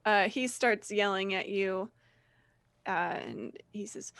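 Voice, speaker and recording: A woman running a tabletop game as game master, narrating with halting fillers. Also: mid-range voice, a bit bright, no room sound.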